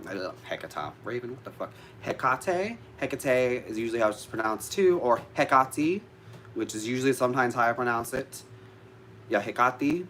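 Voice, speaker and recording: A man's voice: fairly low pitch, fairly bright tone, slight background noise. A man vlogging casually to live viewers about witchcraft, chatty and easily sidetracked, swearing now and then.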